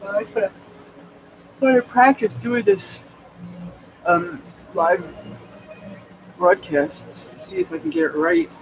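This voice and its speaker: This vlogger from New York State talks slowly and pauses often, his high-pitched voice full of lively intonation. At home before his camera, he delivers a casual, digressive monologue with lots of restarts and frequent laughter. The low-quality camera-mic recording has slight background noise and music playing.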